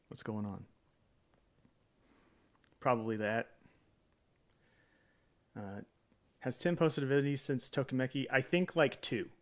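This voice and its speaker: A man streaming live in a casual chat, greeting viewers by name, rambling with hesitant fillers and self-deprecating jokes. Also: mid-range voice.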